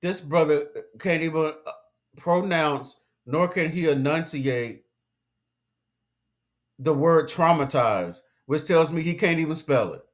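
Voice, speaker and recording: A man's voice: on the high side, takes it slowly. A man giving a casual commentary rant, emphatic and lecturing, full of slang and repeated points. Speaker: commentary vlogger.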